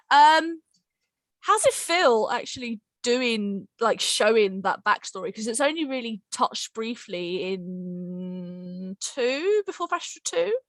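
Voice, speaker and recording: A woman's voice: a little high, lively intonation, takes it slowly, fairly bright tone, no room sound. A woman hosting a casual podcast chat about her audio drama, bubbly and rambling, laughing often between fillers. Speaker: podcast host and writer-director.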